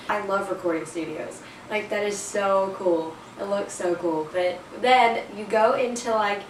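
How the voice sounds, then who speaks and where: A teenage girl telling a storytime in a chatty, casual way, full of fillers and self-conscious laughs. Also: medium pitch. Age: teens. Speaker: vlogger. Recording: roomy, a bit distant, faint noise.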